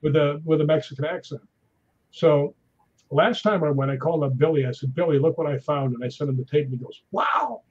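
Husky-voiced man telling ghost stories. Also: on the high side, quick pace, lo-fi sound. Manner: animated anecdotes with acted-out quotes. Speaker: guest. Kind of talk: casual storytelling chat.

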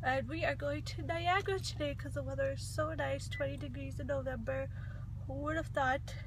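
A young woman in her twenties vlogs at normal speed from a car and a park, chatty and giggly as she talks casually to the camera. Her voice sits high with fairly even intonation, against a noisy background with music.

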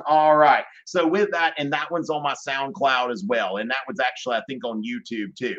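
A man's voice: mid-range voice, fairly even intonation, normal speed, few pauses. Rambling, jokey man on a slightly dull livestream. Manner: rambling and jokey, lots of fillers and shout-outs. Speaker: teacher hosting a live exam review. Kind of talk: casual livestream chat.

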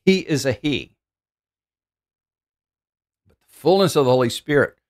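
A man's voice: mid-range voice, lively intonation, unhurried. A middle-aged man preaching a sermon as pastor, earnest and thinking aloud, often repeating words as he goes.

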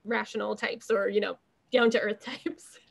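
Woman, young adult, interview guest, gravelly fry, rambling, filler-heavy. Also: medium pitch, steady tone, normal speed. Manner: rambling, filler-heavy, restarts thoughts often. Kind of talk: casual interview conversation.

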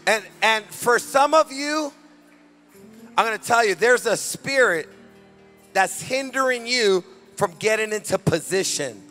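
A man preaching a fervent deliverance sermon as pastor at a church service, shouting commands. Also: high-pitched, lively intonation, a little slow, faint music behind.

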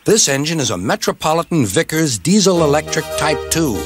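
A man's voice: fairly high pitch, big pitch swings, a little fast, voice pushed up. A man voicing Edward, a kind but stern older engine who scolds firmly. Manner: firm and scolding. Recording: music playing behind.

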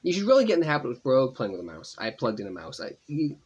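A man's voice: medium pitch, wildly swooping pitch, rapid-fire, a little mellow, husky, dull audio. A man casually commenting on his gameplay, chatty and rambling, thinking aloud as he plays. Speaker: gaming channel host. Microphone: tablet gameplay voice-over.

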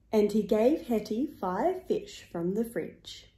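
A woman reading a children's picture book aloud in a slow, expressive, rhythmic way. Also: medium pitch. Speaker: storyteller. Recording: echoey room.

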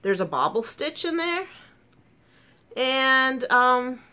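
A woman vlogger chatting casually about crochet projects, gushing and excitable with frequent ums, talking with a sore burnt tongue. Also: high-pitched, slow pace, slight background noise. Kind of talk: casual chat.

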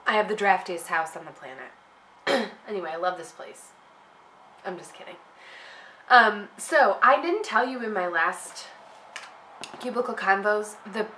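A woman vlogging casually from her home office, rambling and digressing, her voice deep and nasal from a cold. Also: sharp tone, slight background noise, low-quality recording. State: congested from a cold. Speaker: blogger. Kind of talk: casual rambling vlog chat. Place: home office with windows open.

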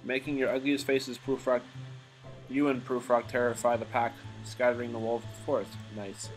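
A man's voice: mid-range voice, flat delivery, moderate pace, faint music behind, low-quality recording. A man playing a game, reading its text aloud with casual, joking commentary and the odd swear. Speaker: gamer.

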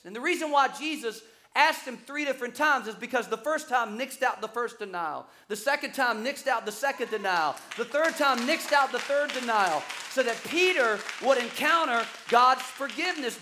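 Animated high-voiced preaching man. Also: moderate pace. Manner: animated storytelling, acts out quoted voices; repeats words when excited. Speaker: pastor. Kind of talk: sermon.

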